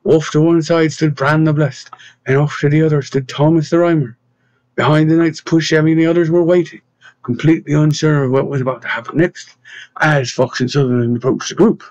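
A man narrating an audiobook in a steady reading voice, giving the characters their own voices. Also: a little high, fairly quick, no room sound. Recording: dull lo-fi dry sound.

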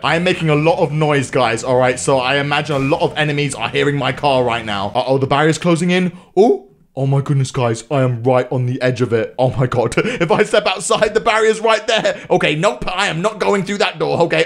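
A young man giving excitable let's-play commentary on a game, talking straight to his viewers and yelling in triumph or panic. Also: on the high side, quick pace. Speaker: gaming YouTuber.

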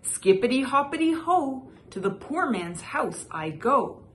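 A woman's voice: on the low side, very animated, slow, sharp tone, slight background noise, heavily acted. A woman reading a storybook aloud and voicing a playful, sly magic wok in a sing-song chant.

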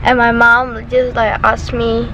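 A young woman from Malaysia, chatting excitedly through a shopping vlog, giggling often as she talks into her phone camera. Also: on the high side, a little slow, noisy background. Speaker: vlogger. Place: shops and mall. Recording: music playing over the voice.

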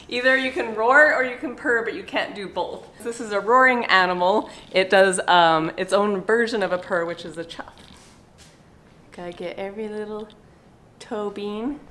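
A woman's voice: mid-range voice, bright, forceful tone, a little hiss or hum. A woman hosting a casual vlog at an animal park, chatting bubbly to the camera and cooing and squealing at baby animals.

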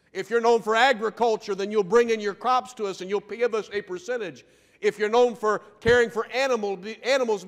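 A pastor preaches from the pulpit in a voice fairly high for a man, slowing down and pressing on key phrases for emphasis. His sound rings out with a long reverb through the church sanctuary.

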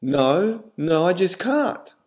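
A man's voice: sits high, very animated, slow pace, darkish tone, pitched above the performer's own voice, full character voice. A man voicing a nervous young woman who keeps refusing her boyfriend in a told joke. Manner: anxious, refusing.

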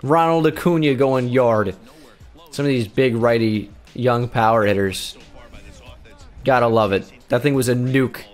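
A young man giving sarcastic play-by-play commentary over his own baseball video game, bursting into shouts of excitement. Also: mid-range voice, unhurried. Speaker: gaming YouTuber. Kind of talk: gameplay commentary. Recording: game music faintly behind.

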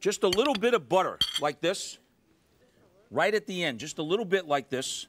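A man's voice: high-pitched, very animated, moderate pace, slight background noise. A man hosting a live cooking show in a studio kitchen, exuberant and talking straight to the audience. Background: faint studio audience.

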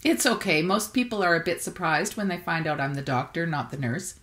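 A woman's voice: fairly low pitch, brisk, fairly bright tone, close to an everyday voice. A woman reading aloud voices a talkative woman dentist who teases her patient while she works. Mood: chatty. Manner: talkative, teasing. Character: friendly, chatty woman dentist.

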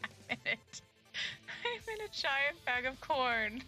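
Female streamer, giggly and crude, bright lively voice, faint music behind. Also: sits high, takes it slowly. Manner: giggly, crude joking, laughs often. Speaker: live streamer. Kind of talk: casual live-stream chat while gaming.

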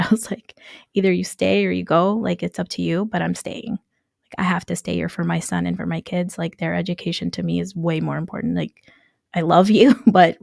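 Gravelly-voiced Nicaraguan-born woman storyteller. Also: on the low side, dry recording, studio quality. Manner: animated, laughs often, acts out quoted dialogue. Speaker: guest, construction entrepreneur. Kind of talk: casual storytelling interview.

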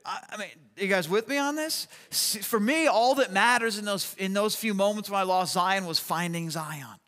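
A man preaching a sermon, telling a personal story in an animated, chatty way with lots of fillers. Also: sits high, moderate pace. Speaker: pastor. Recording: long hall reverb.

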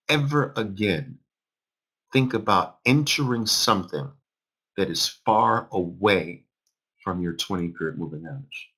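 A man's voice: mid-range voice, a bit bright, breathy edge. A man in his fifties teaching a live trading class, emphatic, repeating phrases and quizzing his audience. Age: 50s. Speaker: trading instructor.

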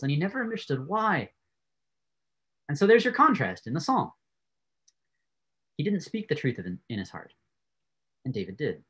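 A man giving a Bible class lecture, telling the stories in an animated way and often laughing. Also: fairly high pitch. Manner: animated storytelling, frequent laughs.

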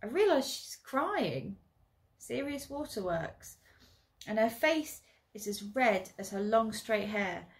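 A woman's voice: on the high side, slow pace. Woman teacher reading a story aloud. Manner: expressive, raises her voice for dramatic moments.

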